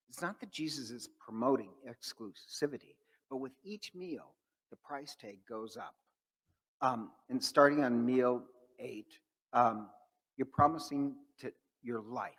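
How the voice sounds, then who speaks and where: A man's voice: medium pitch, a bit bright, in a large hall, rough recording. A man who is a priest, giving an informal faith-formation talk to adults and telling stories with many fillers and restarts. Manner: conversational, storytelling, frequent um fillers and restarts. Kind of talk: informal teaching talk with anecdotes.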